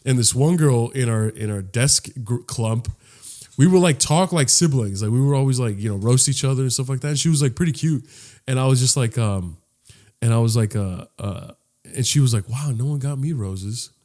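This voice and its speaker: This podcast co-host is a young man with a medium-pitched voice and a moderate pace. Animated and casual, he recounts a funny story from his childhood, performing the voices of its characters.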